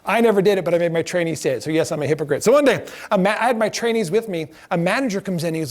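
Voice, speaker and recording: A middle-aged man gives a storytelling lecture in a high voice, racing along with hardly any pauses. He is animated and laughs often, acting out the voices of the people in his stories.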